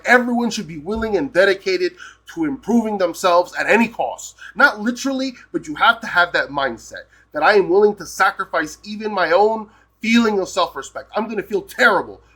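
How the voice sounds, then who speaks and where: A man's voice: a little high, pushed and bright. A man from the United States ranting heatedly on a live stream, swearing a lot and tagging "right?" onto his points. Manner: profane, repeats "right?" constantly, heated.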